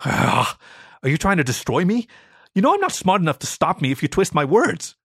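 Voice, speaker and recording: A flustered, pregnant female canine, as a man puts her on for an adult storybook reading, stammering and exasperated. The voice sits well above his usual pitch and swoops widely. The recording is dry and close. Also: wildly swooping pitch, moderate pace, gravelly, a bit bright, slightly rough, no echo, full character voice.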